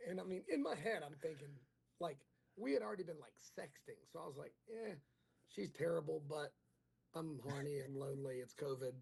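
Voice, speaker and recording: Gravelly husky-voiced comedian telling a crude story. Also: male voice, fairly high pitch, expressive, brisk, a little mellow. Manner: rambling, crude, self-mocking, acts out dialogue. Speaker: comedian guest. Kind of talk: casual storytelling chat.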